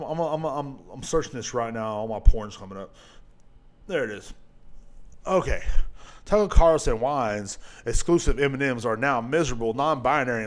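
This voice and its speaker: A man hosting a solo podcast, ranting casually and profanely, swinging between low mutters and loud outbursts. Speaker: podcast host.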